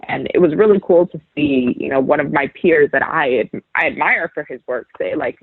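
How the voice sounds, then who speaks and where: A young woman from New York City talks through a guest interview in a chatty way, full of fillers and restarts. Her voice is husky with some gravelly fry. It comes through a thin, phone-like line. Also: low-pitched, big pitch swings, normal speed, few pauses, no room sound. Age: young adult. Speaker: guest, sports reporter. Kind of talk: casual interview chat.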